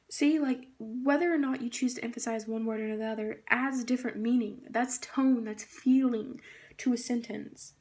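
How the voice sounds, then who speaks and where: A woman's voice: a little high, steady tone, normal speed, mellow. A young woman giving a casual presentation on a book, reading quotes aloud and gushing with many fillers. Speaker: student presenter.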